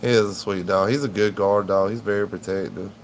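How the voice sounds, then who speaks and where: A man's voice: fairly low pitch, steady tone, fairly quick, a little hiss or hum. A man chatting casually on a livestream, rambling in a laid-back way to his viewers and his dog at home. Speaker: livestream host.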